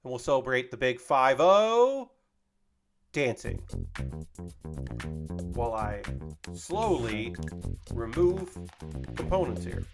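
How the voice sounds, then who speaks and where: A man's voice: medium pitch, very animated, slow pace, long pauses, over music. A man chatting casually on a live stream while building LEGO, rambling and swearing freely as he reads out chat messages.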